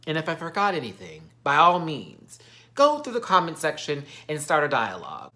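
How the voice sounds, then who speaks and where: A man's voice: fairly high pitch, wildly swooping pitch, normal speed, pushed and bright. A man ranting through a TV recap in a sassy, campy, theatrical way. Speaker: TV recap vlogger. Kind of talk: animated TV recap rant.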